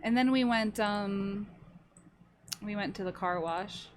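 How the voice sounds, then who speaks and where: A woman's voice: medium pitch, slow, a little hiss or hum. A woman in her early twenties, a streamer rambling through a story to her chat and swearing freely as she goes. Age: early 20s. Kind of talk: casual live-stream chat. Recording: voice over loud background music. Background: music playing under the talk.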